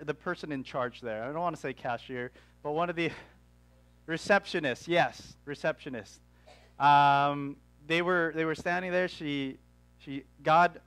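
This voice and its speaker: A young man preaching from the pulpit, his voice sitting high for a man. He tells his story in an animated way, tossing in quick asides. The sound is dry and close. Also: dry recording. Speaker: pastor. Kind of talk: sermon. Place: church.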